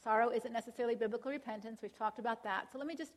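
Talking very fast in a slightly high voice, a woman leads a Christian counseling class in a conversational style. She quotes scripture aloud and frequently checks in with the audience using "all right?" and "right?".

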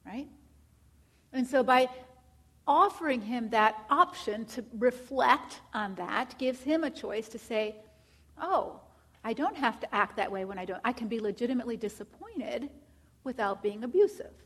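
Lady teaching a counseling class, slightly high voice, keeps asking "right?". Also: lively intonation, a little slow, slightly rough. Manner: asks many rhetorical questions, acts out clients.

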